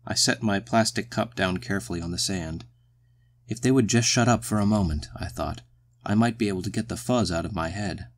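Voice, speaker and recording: A man reading a short story aloud in the first person, measured and brooding. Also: on the low side. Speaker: audiobook narrator.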